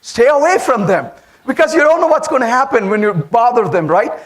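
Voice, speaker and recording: A man with an Indian accent speaks at a conference with a very high, lively voice that swoops up and down. He tells stories and turns to the audience with questions. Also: brisk. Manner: animated storytelling, asks the audience questions. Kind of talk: lively tech conference talk. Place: conference hall.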